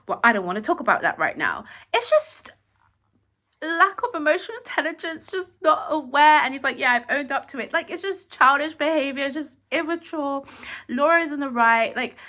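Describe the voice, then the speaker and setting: A woman giving a casual, animated opinion review of a reality show, acting out quotes from the cast and saying "like" often. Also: sits high, normal speed. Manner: animated, acts out quotes, frequent "like".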